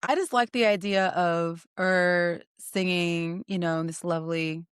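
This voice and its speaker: A woman hosting a podcast, telling a story in a playful, teasing, animated way. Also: lowish voice, a little slow, smooth, dry recording, clean studio sound. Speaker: podcast host. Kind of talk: casual conversational storytelling.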